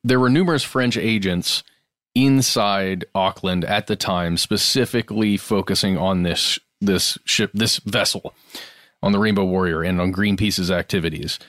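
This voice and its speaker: A man co-hosting a podcast, talking casually in a relaxed, wry way with some restarts. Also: sits low, moderate pace, dry recording, studio quality. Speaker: podcast co-host. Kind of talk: casual conversation.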